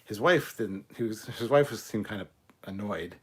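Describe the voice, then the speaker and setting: Man, husky voice, low pitch, live-stream host, casual rambling chat, swears a lot, drinking rum. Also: expressive, normal speed. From Canada. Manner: swears freely, loose rambling storytelling.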